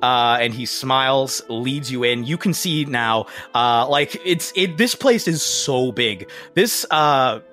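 A man's voice: mid-range voice, lively intonation, slow, hardly any pauses, bright, forceful tone, soft background music. A man narrating as game master of a tabletop role-playing game, rambling with many fillers and restarts.

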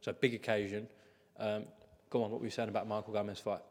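A man's voice: on the low side, little pitch movement, fast, a little mellow, long reverb tail. A man hosting a podcast interview, asking short prompting questions and adding context. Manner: brief, prompting, gives context. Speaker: podcast host.

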